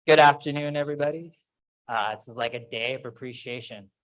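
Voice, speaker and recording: A man's voice: medium pitch, fairly quick, fairly bright tone, poor audio. A man at a podium in a big auditorium gives a ceremony speech. He talks in a loose, chatty way and pokes fun at himself as he tells stories. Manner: casual, self-deprecating storytelling. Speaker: faculty speaker. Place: large auditorium. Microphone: podium microphone.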